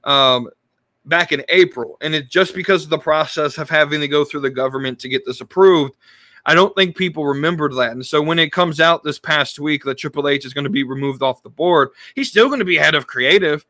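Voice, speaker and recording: A man's voice: a little high, fairly quick, pushed and bright, dry recording. A man hosting a casual podcast, talking in a loose, rambling way with many restarts and fillers. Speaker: podcast host. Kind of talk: casual wrestling podcast talk.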